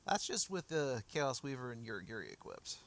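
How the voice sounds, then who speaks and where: A gaming streamer talks casually through his livestream in a mid-range, sing-song voice that runs a little fast and sounds gravelly. He rambles and keeps restarting his sentences as he answers chat, and his voice is worn because he's losing it.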